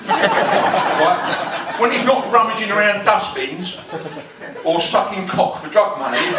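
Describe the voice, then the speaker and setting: A South London man in his forties doing crude, self-deprecating stand-up comedy with a deadpan touch. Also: sits high, noisy background. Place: comedy club. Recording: echoey club from a distance.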